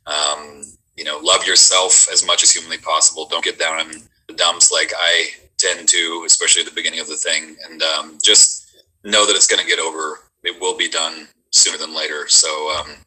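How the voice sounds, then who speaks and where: A man's voice: a bass voice, little pitch movement, normal speed, pushed and bright, breathy edge, rough recording. A man who is a guest actor, chatting over a video call and speaking earnestly to encourage listeners. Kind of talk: casual video-call chat.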